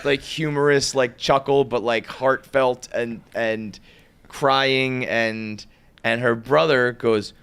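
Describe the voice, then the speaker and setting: A man's voice: medium pitch, takes it slowly, pushed and bright, clear, resonant tone. A young man telling a long, rambling story on a podcast, full of "like" and laughing at his own tale.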